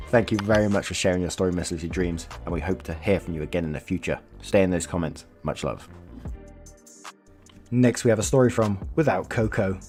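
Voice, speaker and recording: A man's voice: low-pitched, brisk, a little mellow, soft background music. A man hosting a channel, reading viewer stories aloud in a casual, chatty way, laughing often and swearing freely. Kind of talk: casual read-aloud storytelling with commentary.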